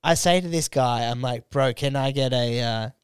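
A young man co-hosting a podcast, telling an animated story in casual chat and putting on other people's voices. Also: medium pitch, moderate pace, smooth, no echo, clean studio sound. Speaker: podcast co-host.

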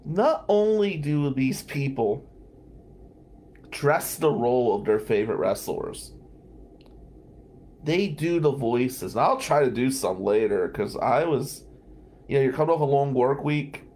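A man's voice: mid-range voice, animated, a little slow, long pauses, a little mellow. A man, a lawyer hosting a radio talk show, telling a story in a loose, joking way, often laughing and swearing. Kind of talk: storytelling monologue.

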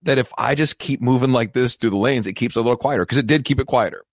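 A man hosting a financial advice show, telling a self-deprecating story in a lively, casual way. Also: mid-range voice, quick pace, no echo, clean studio sound. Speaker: financial advisor and show host.

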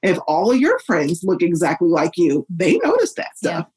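Earnest woman with a husky voice. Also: moderate pace, poor audio. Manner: earnest, lively, shifts pitch up when quoting others. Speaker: guest, educator. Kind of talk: podcast interview answer.

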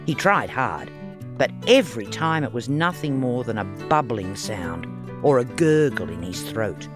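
A man, a children's book author, reading his storybook aloud in a lively, expressive way. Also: medium pitch, unhurried, loud music behind the voice.

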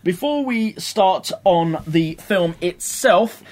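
A man's voice: high-pitched, expressive, slow. A man co-hosting a podcast in casual, jokey chat. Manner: chatty, jokey. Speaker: podcast co-host.

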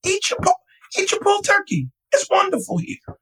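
A man voicing a small, excitable older pastor who reassures a friend, in a high animated voice. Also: normal speed, heavily acted, poor audio. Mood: reassuring.

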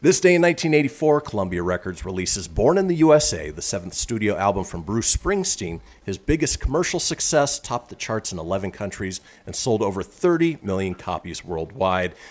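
Low-voiced animated male radio host. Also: brisk, hardly any pauses. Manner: animated, laughs often. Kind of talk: casual chat reading history items.

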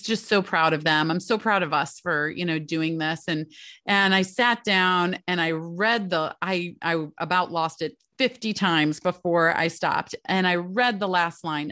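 A woman's voice: fairly low pitch, fairly bright tone, no echo, studio quality. A middle-aged woman talking casually to the camera about her years as a homeschooling mother, chatty and heartfelt, often checking in with "right?" and "you know". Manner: heartfelt and openly emotional. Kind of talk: casual reflective talk to camera.

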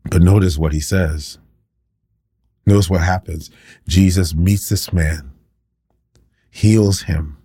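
Deep-voiced impassioned male preacher. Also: steady tone, takes it slowly, long pauses, dark tone, slightly rough, no room sound, studio quality. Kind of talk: sermon.

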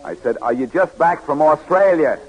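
A wisecracking radio detective. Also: male voice, lowish voice, big pitch swings, a little fast, muffled recording, soft background music. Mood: probing. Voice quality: wisecracking, smooth. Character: wisecracking male private detective, cool. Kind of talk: 1940s radio acting.

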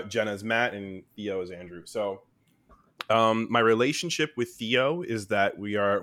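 A man cracking goofy deadpan jokes as a player on a tabletop podcast. He speaks slowly and takes his time getting each line out. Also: lowish voice. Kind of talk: casual podcast banter.

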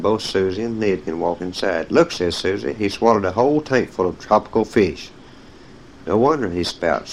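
A man with a somewhat low voice reads picture-book stories to young children. He talks to his listeners directly and tells them when to turn the page. A faint noise sits under his voice. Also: rough recording. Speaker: storyteller. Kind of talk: reading children's stories aloud.

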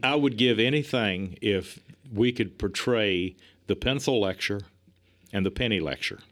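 A middle-aged man telling stories in a casual chat, animated and chuckling, acting out the lines he quotes. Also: lowish voice, unhurried.

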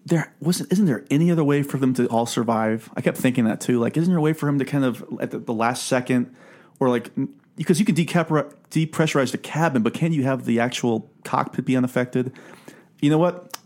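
A man's voice: medium pitch, fairly quick, a little mellow. A man hosting a casual podcast chat, talking in a chatty, jokey way. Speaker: podcast host.

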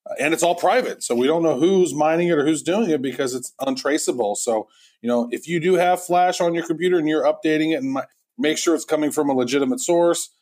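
A man's voice: on the high side, fast, a little mellow. A man co-hosting a podcast, talking in a chatty, rambling way with many restarts. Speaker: podcast co-host. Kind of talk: casual podcast chat.

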